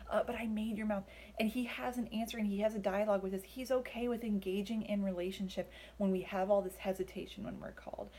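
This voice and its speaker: A young woman teaches a Bible passage in an easygoing, chatty way, full of fillers and animated quotes. Her voice is warm and mellow, with a faint hiss in the background. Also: medium pitch, fast talker, hardly any pauses. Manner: chatty, filler-heavy, acts out quoted lines. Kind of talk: casual Bible study talk.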